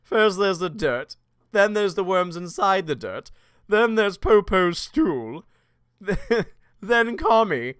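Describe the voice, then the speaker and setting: A man's voice: high-pitched, animated, takes it slowly, fairly bright tone, clean tone, no echo, studio quality, pitched above the performer's own voice, heavily acted. A man putting on the voice of a pompous male cartoon genie servant who lectures about rank in a haughty, sing-song way.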